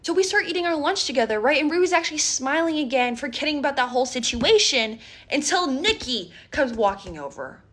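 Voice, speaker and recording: A woman telling a personal story in a storytime vlog, dramatic, speeding up and slowing down, dropping almost to a whisper. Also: high-pitched, lively intonation, fairly bright tone. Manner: dramatic, swings between fast and slow, drops to near-whispers.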